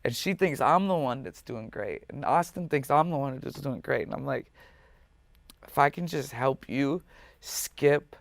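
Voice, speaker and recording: A man's voice: mid-range voice, lively intonation, measured pace, vocal fry, no room sound. A man speaking as a musician guest in an interview, candid, emotional and passionate, swearing freely.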